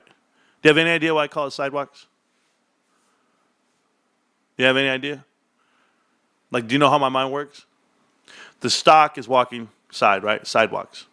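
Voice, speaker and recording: A man hosting a casual livestream, reading chat aloud and joking, with sudden loud, high-pitched bursts. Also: dry recording, studio quality. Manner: animated, jokey, swings into loud high bursts.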